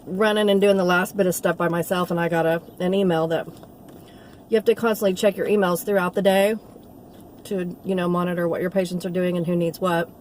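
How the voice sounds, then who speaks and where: A woman's voice: fairly low pitch, fairly even intonation, brisk, darkish tone, a little hiss or hum. A middle-aged woman, a nursing assistant telling a rambling, heartfelt story in a casual vlog. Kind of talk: casual talking-to-camera vlog.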